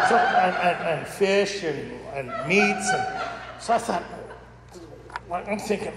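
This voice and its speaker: This speaker at a recovery roundup tells the audience about his life in a candid, joking way, laughing often as he goes. His voice sits high and expressive, his pace is slow, and heavy background noise mixes with the long reverb of the echoey hall.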